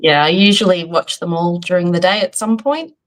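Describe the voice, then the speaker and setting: A woman's voice: lowish voice, a little fast, poor audio. A woman from Australia with an Australian accent, a university teacher calling in and giving brief, modest answers. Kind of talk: casual chat.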